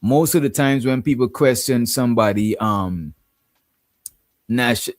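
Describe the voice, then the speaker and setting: A man's voice: medium pitch, unhurried, dry recording, studio quality. A man from Guyana with a Guyanese accent, hosting a casual livestream and rambling, often asking "you know what I'm saying". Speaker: livestream host.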